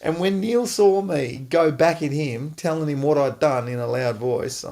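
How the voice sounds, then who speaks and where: A middle-aged Australian man hosting a podcast, an animated storyteller who laughs often. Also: a little high, moderate pace, gravelly. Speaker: podcast host, former footballer. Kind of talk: casual storytelling chat.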